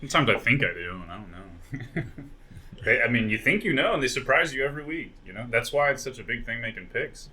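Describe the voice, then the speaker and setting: A man's voice: medium pitch, animated, brisk, bright, forceful tone. A man on a casual podcast, giving blunt, opinionated takes in a frank way. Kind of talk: casual chat.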